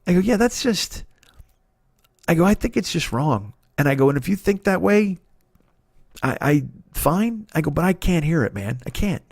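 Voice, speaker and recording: A man's voice: fairly high pitch, sing-song, creaky, darkish tone, no room sound, studio quality. A middle-aged man telling a story in a casual, rambling monologue, swearing often and restarting his sentences. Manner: rambling, profane, halting restarts. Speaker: podcast host.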